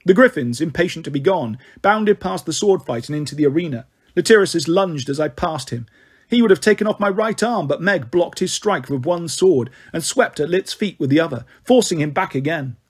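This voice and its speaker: Man, audiobook narrator, first-person reading, wry, dramatic, high voice, husky. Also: expressive, moderate pace.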